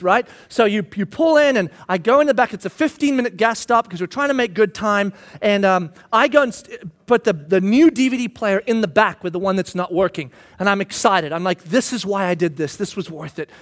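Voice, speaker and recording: A pastor in his thirties tells a self-mocking story from his own life during a sermon, his voice sitting high. He's animated throughout and breaks into shouts when he acts out his own part.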